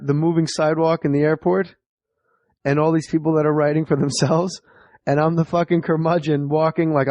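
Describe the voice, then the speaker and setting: A man's voice: a little high, a little mellow, no room sound. A stand-up comedian in his forties, telling stories profanely and animatedly in a casual podcast chat. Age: 40s.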